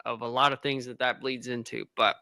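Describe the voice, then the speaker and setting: A man's voice: medium pitch, level tone, fairly quick, sharp tone, no echo, clean studio sound. A man co-hosting a podcast, agreeing in short, easygoing replies and sometimes adding a longer thought. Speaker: podcast co-host. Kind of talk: casual chat.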